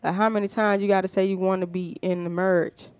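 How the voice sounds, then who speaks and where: A fired-up woman holds a casual podcast monologue, emphatic and full of rhetorical questions. Her voice is smooth and resonant. The sound is dry and close. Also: medium pitch, level tone, quick pace, darkish tone, no echo. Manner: fired-up, emphatic, frequent "you know what I'm saying". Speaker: podcast host.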